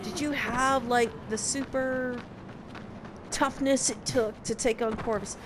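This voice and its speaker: A woman's voice: fairly high pitch, fairly even intonation, slow pace, noisy background. A young woman casually recapping a game, sarcastic and profane in her exasperation. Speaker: game reviewer.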